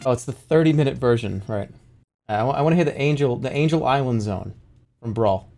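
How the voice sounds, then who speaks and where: With faint music behind him, a man with a gravelly mid-range voice streams casually and speaks fairly quickly. He argues playfully with his chat in lively banter.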